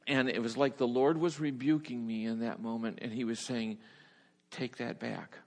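Male preacher, mid pitch, testimony storytelling with hushed lows and laughing highs, reverberant hall. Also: fairly even intonation, brisk. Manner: storytelling, swings from hushed to laughing high bursts. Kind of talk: sermon testimony.

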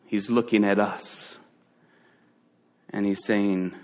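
Male preacher, slow and dramatic sermon storytelling, long reverb. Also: mid-range voice, fairly bright tone. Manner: vivid storytelling, dramatic pauses.

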